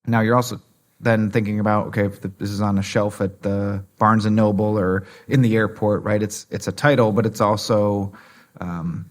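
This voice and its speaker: A man with a low voice hosts a podcast recorded at a conference. His questions wander, and he restarts often and leans on fillers before he gets to the point. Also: little pitch movement, moderate pace. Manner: rambling, many restarts and "like". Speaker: podcast host. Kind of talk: conversational podcast interview. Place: conference venue.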